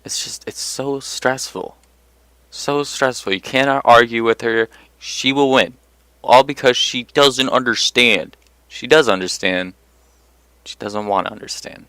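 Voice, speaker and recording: A man's voice: mid-range voice, a little slow, sharp tone, smooth, no room sound. A young man telling personal stories in a casual monologue, blunt and profane, getting worked up as he goes. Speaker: vlogger.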